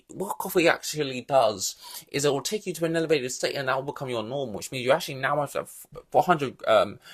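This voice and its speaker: A man's voice: medium pitch, a bit bright, breathy edge, voice pushed up. A man doing an impression of a nerdy male team boss who lectures about caffeine with over-precise numbers and stumbles over them.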